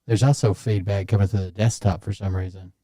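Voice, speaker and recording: A man's voice: low voice, fairly even intonation, brisk, warm tone, no echo, clean studio sound. A man hosting a casual live stream, muttering to himself as he troubleshoots his microphone. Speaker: stream host. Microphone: studio mic through a podcast mixer.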